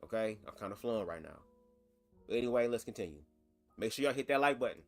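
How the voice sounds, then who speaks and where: A man's voice: on the low side, animated, fast talker, soft background music. A man hosting a reaction commentary vlog, talking in a chatty, sassy and profane way. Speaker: commentary host.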